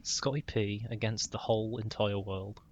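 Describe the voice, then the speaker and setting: Deadpan young man co-host. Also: lowish voice, moderate pace, dry recording. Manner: laid-back, deadpan, playing along with jokes. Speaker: podcast co-host. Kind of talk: casual chat.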